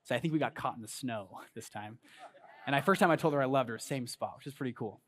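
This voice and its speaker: A man's voice: medium pitch, quick pace. A man in his thirties giving a motivational talk on stage, telling a personal story and hyping up the crowd. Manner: storytelling, animated, hypes the crowd. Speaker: conference speaker. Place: large event hall on stage.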